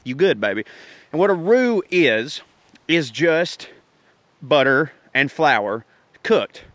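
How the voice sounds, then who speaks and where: A man's voice: a little high, a bit bright, no echo. A man, hosting a podcast and talking through a recipe in a rambling, folksy, profane, joking way. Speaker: podcast host. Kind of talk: casual cooking talk.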